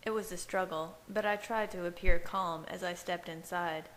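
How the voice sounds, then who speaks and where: Woman reading a fanfic chapter out loud, steady, kinda low voice. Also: moderate pace, slight background noise, low-quality recording. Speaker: fanfiction reader. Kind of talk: amateur audiobook reading.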